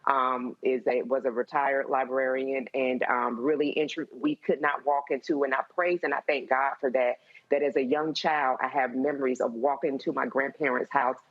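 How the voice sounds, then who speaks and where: Woman panelist, heartfelt, halting, low voice, dull lo-fi line. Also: steady tone. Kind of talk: emotional panel talk.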